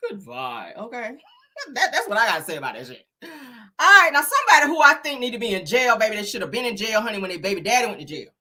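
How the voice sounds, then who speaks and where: A sassy woman dishes celebrity gossip to her livestream viewers, calling them honey and child. Her voice is bright and ringing, and her pitch swoops up and down as she teases. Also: very animated, fast.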